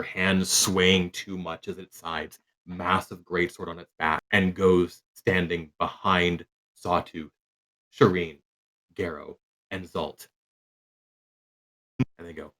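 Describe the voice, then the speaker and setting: A man's voice: low voice, a bit bright. A man narrating a tabletop game as game master, loose and rambling with many fillers.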